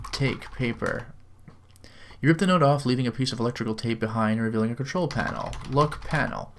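A man reads a text adventure aloud, drawing out each typed command and dropping in dry, wry remarks. His voice sits at an ordinary middle pitch for a man. Faint keyboard typing clicks along behind him. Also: slight background noise. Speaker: game video host.

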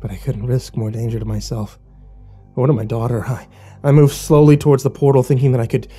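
A man's voice: medium pitch, steady tone, a little fast, mellow, breathy edge, soft background music. A man narrating a horror story in the first person, with dramatic scripted delivery.

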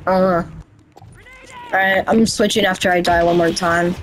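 A woman's voice: fairly low pitch, level tone, a little slow, a little hiss or hum. A woman commenting on her own gameplay in a frustrated way, swearing often and complaining about her misses. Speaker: gamer. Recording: loud gunfire game audio behind voice.

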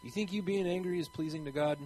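A man's voice: high voice, fairly even intonation, fast, a little mellow, a little hiss or hum, low-quality recording. A man speaking in a conversational preaching style, earnest and rambling, asking his listeners pointed questions. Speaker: traveling Christian preacher.

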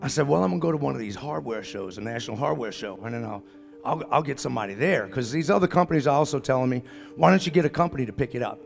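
A middle-aged man with a New Orleans accent tells his story in a folksy way and acts out each voice in the dialogue. His voice has a gravelly, fry-edged texture. Faint music plays under him. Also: mid-range voice, expressive, rapid-fire. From New Orleans area, Louisiana. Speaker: speaker at a business summit. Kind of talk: storytelling talk.

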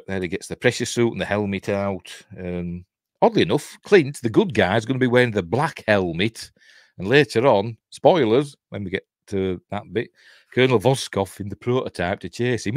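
A man's voice: on the low side, expressive, normal speed, no room sound, studio quality. A middle-aged man with a Yorkshire accent, chatting casually through a film commentary, rambling and breaking off with chuckles. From Yorkshire, England. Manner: rambling, chuckling, self-interrupting. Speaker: host.

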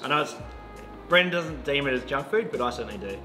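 A man as a guest on a wine show, chatting in a relaxed, easy-going way. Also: medium pitch, fast talker. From Australia. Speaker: guest distiller. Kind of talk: casual chat. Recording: echoey room with music behind.

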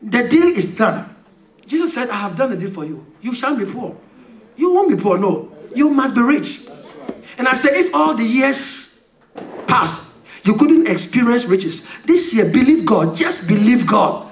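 A man preaching a fiery sermon as pastor, shouting and calling for responses from the congregation. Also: extremely high pitch, very animated, measured pace, recorded from a distance, crowd noise. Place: church. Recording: echoey church hall, mic from afar, congregation.

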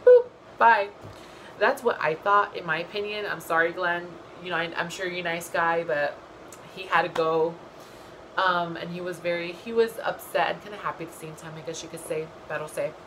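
A young woman vlogger recapping a reality show in a casual, gossipy way, blunt and full of swearing and animated asides. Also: lowish voice, slight background noise, rough recording.

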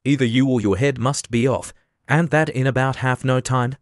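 Imperious Queen, loud and commanding, man reading, close and dry. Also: medium pitch, moderate pace, dry recording, lightly acted. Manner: commanding, shouting. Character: furious, domineering female Queen.

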